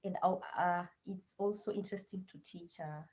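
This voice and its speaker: A woman's voice: on the low side, fairly even intonation, moderate pace, a little mellow, rough recording. A woman with a Kenyan accent, a guest in a casual interview, speaking hesitantly with many fillers and restarts over a video call. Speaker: guest language teaching assistant.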